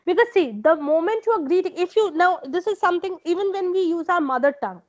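High-voiced Indian woman lecturer. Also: expressive, quick pace. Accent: Indian English. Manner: corrective, repeats points. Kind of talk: online class feedback. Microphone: video call. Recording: dull lo-fi online call audio.

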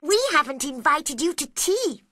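A woman voicing an excitable male March Hare from a storybook, high and sharp. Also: unhurried, no echo, clean studio sound, heavily acted. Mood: shrill.

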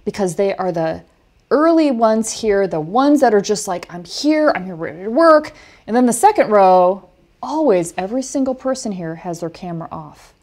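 A woman coaches a film class over a video call. She talks in an animated, storytelling way and breaks off into lively asides to her students. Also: mid-range voice, moderate pace. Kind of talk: online class talk.

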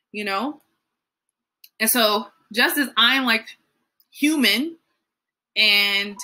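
Chatty bright-voiced woman teaching Bible study. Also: mid-range voice. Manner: chatty, many fillers, acts out quotes. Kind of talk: casual Bible lesson.

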